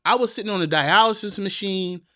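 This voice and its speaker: A man's voice: high voice, a little fast, bright, forceful tone, dry recording, clean studio sound. A man hosting a podcast, giving an earnest, preachy motivational talk in a folksy manner, addressing listeners as y'all and repeating lines for emphasis. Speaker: podcast host.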